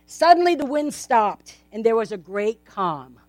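A woman's voice: a little high, animated, normal speed, hardly any pauses, no echo. A woman preaching a sermon in a casual, conversational way, often asking her congregation rhetorical questions. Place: in front of a gathered congregation.

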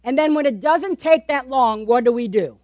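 A woman preaching a sermon, animated, repeating words for emphasis and asking the listeners questions. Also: sits high, moderate pace, dry recording.

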